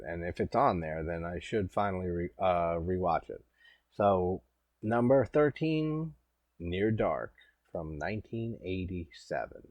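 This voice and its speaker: A man's voice: lowish voice, no room sound. A man in his thirties giving rambling, laid-back casual commentary as a host, swearing now and then. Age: 30s.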